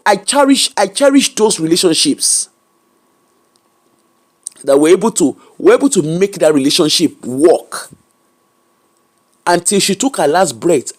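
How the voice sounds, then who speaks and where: A Nigerian woman opens up as an interview guest, her delivery animated and emphatic. She swings between English, Pidgin and Yoruba as she talks about her own life, stressing her strongest points. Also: fairly low pitch, husky. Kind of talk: candid personal storytelling.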